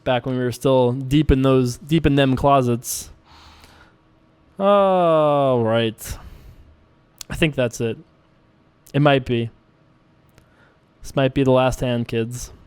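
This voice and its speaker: Chatty young man with a smooth voice. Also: mid-range voice, slow, pauses often, darkish tone. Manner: chatty, joking, self-mocking. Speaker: poker player and show host. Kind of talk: casual commentary while playing online poker.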